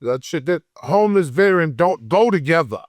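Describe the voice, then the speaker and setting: A man from Detroit with a Detroit accent, telling a story in an unfiltered, profane, heated way, swinging between loud and low. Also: animated, fairly quick, no echo. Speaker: guest. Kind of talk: unfiltered casual interview. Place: podcast studio.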